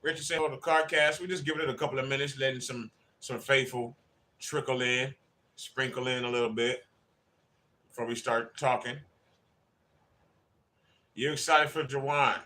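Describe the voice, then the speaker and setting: A man's voice: mid-range voice, level tone, moderate pace, pauses often, pushed and bright, slight background noise. A man hosting a casual fan livestream, chatting and greeting viewers by name as they join. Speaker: livestream host.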